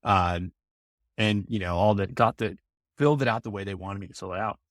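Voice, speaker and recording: A man with a lowish voice, talking loosely as a podcast guest. He winds through his stories with plenty of "like" and "you know." The sound is dry and close. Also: fairly quick, no echo. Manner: rambling storyteller, lots of fillers. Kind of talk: casual podcast chat.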